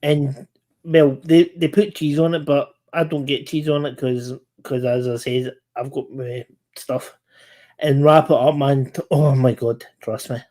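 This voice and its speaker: A British man hosts a casual chat, keen to jump in with his own comments and tips. His voice is mid-range and warm, with fairly even intonation and an unhurried pace. He comes across as chatty, with eager interjections.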